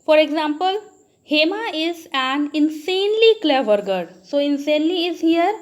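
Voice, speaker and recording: A school teacher with an Indian English accent gives a grammar lesson, frequently addressing her students and posing questions she then answers herself. Her voice sits high and sounds animated at a moderate pace.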